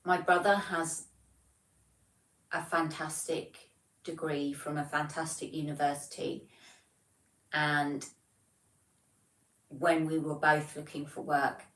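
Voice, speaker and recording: A woman's voice: low voice, flat delivery, slow pace, long pauses, fairly bright tone, roomy sound, far from the mic, low-quality recording. A woman in her forties with a Devon English accent, chatting casually on a livestream, reading out viewer comments in a chatty, self-deprecating way. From England. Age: 40s. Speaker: livestream host.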